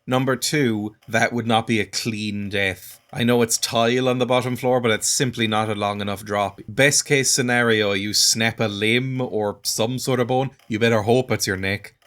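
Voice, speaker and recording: A man's voice: mid-range voice, steady tone, normal speed, few pauses, fairly bright tone. A young man giving dry, self-deprecating comedic commentary while playing a video game. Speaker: gaming video host. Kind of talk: comedic let's play commentary.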